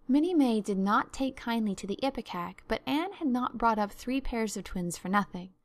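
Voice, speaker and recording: Woman narrator for a classic novel, expressive, slightly high, dry close sound. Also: moderate pace, hardly any pauses, no room sound. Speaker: audiobook narrator.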